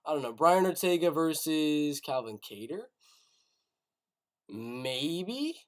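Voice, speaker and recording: A man's voice: on the high side, lively intonation, slow pace. A young man hosting a live stream, thinking aloud and often repeating himself as he stammers through ideas. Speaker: host.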